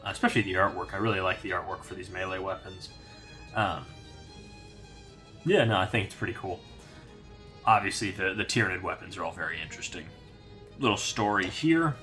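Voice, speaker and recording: Young guy reviewing hobby mags, sharp bright tone, kinda low voice, lots of ums, faint music behind. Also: fairly quick, pauses often. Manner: relaxed, rambling with many fillers. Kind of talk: casual unboxing review.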